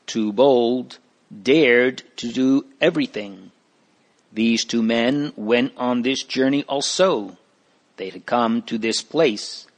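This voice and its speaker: A man narrates a moral tale at a very unhurried pace, weighing each phrase like a preacher. His voice sits at an ordinary middle pitch for a man. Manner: slow, deliberate, preacherly. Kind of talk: storybook reading, moralizing.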